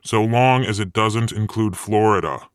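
A man's voice: on the low side, measured pace, dry recording, clean studio sound, lightly acted. A man reading a grumbling, weary Satan. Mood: sarcastic. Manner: hesitant, grumbling, sarcastic. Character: weary, grumpy male Satan stuck in a rut. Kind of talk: audiobook character reading.

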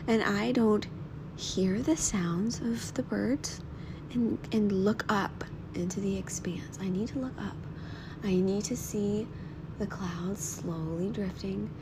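A young woman hosting a reflective devotional talk from home, soft and earnest, often dropping to a near-whisper. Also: mid-range voice, slow pace, noisy background. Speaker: podcast host.

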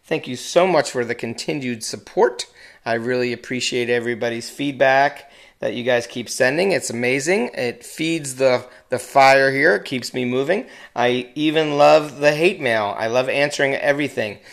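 A man's voice: medium pitch, normal speed, vocal fry, fairly bright tone. A man hosting a casual podcast, swearing and laughing at himself as he restarts his intro again and again. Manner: profane, self-mocking, restarts often. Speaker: podcast host.

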